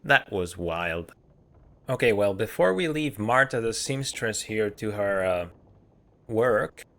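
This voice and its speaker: A man's voice: fairly low pitch, a bit bright. A man casually commentating on a role-playing game as he plays, musing aloud with many hesitations. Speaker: let's play host.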